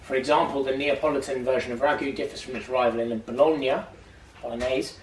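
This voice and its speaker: A man chatting casually in a home kitchen, relaxed, explaining a dish as he cooks. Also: medium pitch, quick pace, recorded from a distance, a little hiss or hum. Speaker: partner. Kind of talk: casual chat. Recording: roomy and off-mic, chatter behind.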